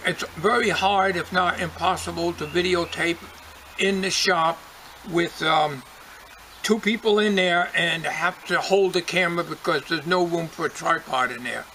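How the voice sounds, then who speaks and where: A man's voice: a little high, a little slow, pushed and bright, a little hiss or hum, poor audio. An older man hosting his channel, chatting casually and folksily to viewers with a chuckle. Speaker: channel host.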